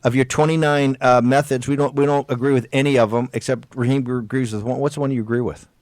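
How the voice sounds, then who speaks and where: A man hosting a political talk radio show, exhorting his listeners with emphatic, drawn-out stressed words and frequent restarts. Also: medium pitch, fairly even intonation, a little mellow, dry recording, studio quality.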